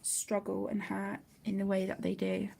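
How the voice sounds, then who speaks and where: Soft, halting woman with gravelly fry. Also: medium pitch, completely flat delivery, slight background noise. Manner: soft-spoken, halting, often near a whisper. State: emotional, close to tears. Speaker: colouring channel host. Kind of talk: casual live-stream chat while colouring.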